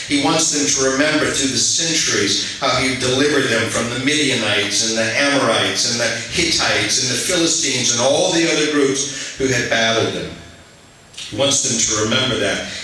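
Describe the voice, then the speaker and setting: Bright-voiced male pastor in an echoey church. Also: mid-range voice. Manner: conversational preaching, asks the congregation questions. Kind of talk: sermon. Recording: echoey hall, mic at a distance.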